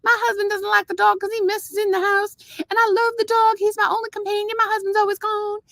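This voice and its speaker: A woman putting on a high, fretful housewife voice with a cute accent for a retold TV scene. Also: flat delivery, fast talker, gravelly, a bit bright, no echo, clean studio sound, exaggerated voice. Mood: pleading.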